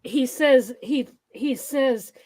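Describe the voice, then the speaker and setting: A woman walks through a horror movie's plot with her co-host, pausing often with ums and repeats. Her voice sits a bit high and sounds dry and close, with no room around it. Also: a little mellow, no echo. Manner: halting, hesitant recounting with many fillers. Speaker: podcast co-host. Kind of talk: casual movie recap chat.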